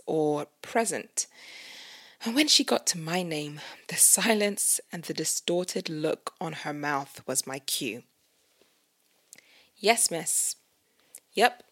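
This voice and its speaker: A woman's voice: sits low, fairly bright tone. A young British woman of Nigerian heritage hosting a podcast, reading a reflective essay aloud in an earnest way. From Britain, Nigerian heritage. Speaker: podcast host. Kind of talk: casual intro then read-aloud essay.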